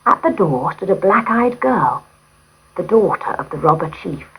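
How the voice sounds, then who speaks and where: A woman narrating a storybook in a gentle, expressive way. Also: fairly low pitch, normal speed, slightly rough, rough recording.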